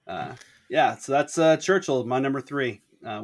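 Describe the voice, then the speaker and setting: Animated, self-deprecating podcast host man. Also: mid-range voice, moderate pace. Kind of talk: casual chat.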